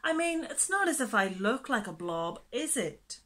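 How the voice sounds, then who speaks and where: A woman's voice: a little high, sing-song, normal speed, a bit bright, pitched above the performer's own voice. A woman voicing a mournful blobfish in a children's story, sighing as it talks.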